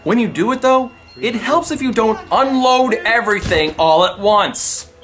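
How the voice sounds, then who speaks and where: Lively, sarcastic man reviewing a film. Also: sits high, measured pace, background noise. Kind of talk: comedic review narration.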